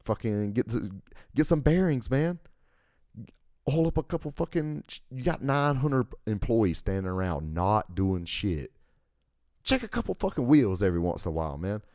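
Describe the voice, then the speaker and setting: A man's voice: on the low side, big pitch swings, normal speed, darkish tone, dry recording, studio quality. A young American man hosting a podcast alone, rambling and ranting with heavy profanity. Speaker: podcast host. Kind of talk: casual solo monologue.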